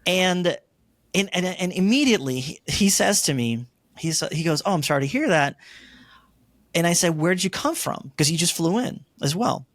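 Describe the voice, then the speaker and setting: A middle-aged man shares a personal story in an interview, his voice sitting a little high. He is recorded close in a dry setting. He acts out the remarks he and others made as he goes. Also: moderate pace, no room sound. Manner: animated storyteller, acts out his own quoted lines. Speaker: interview guest.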